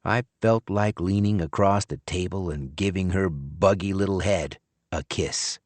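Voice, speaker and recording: A man narrating an audiobook in the first person, in a measured, expressive storytelling manner. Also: sits low, no room sound.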